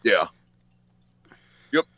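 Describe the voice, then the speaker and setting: A man's voice: drawn-out words, bright, forceful tone, dry recording. A man chatting casually on a podcast, telling profane stories and acting out the people in them. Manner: profane, storytelling with acted-out quotes. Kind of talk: casual chat. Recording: dull dry lo-fi audio.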